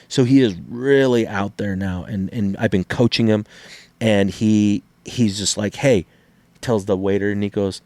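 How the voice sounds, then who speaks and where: Animated middle-aged man telling stories. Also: lowish voice, moderate pace, no echo. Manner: animated storyteller, acts out quotes, swears freely. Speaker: podcast co-host. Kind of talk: casual chat.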